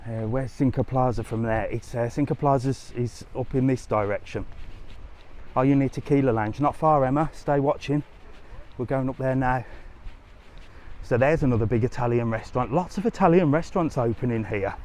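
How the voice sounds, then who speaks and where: Here a man is live-vlogging from an outdoor tourist strip along the sea, answering viewer questions and reacting to comments on the go with a cheeky, chatty manner. He speaks at medium pitch and normal speed, his tone a little mellow. The sound comes from a handheld camera as he walks, with a light wash of street noise.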